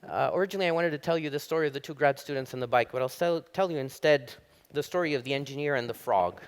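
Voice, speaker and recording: A middle-aged man from Italy, giving a public university lecture as an animated storyteller. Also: quick pace. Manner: animated storyteller, rises high when telling jokes. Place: lecture hall.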